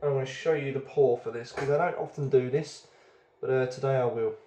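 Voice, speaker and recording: A man's voice: medium pitch, steady tone, a little fast, dark tone, reverberant. A man hosting a casual beer review video, chatty and rambling, often hesitating as he goes.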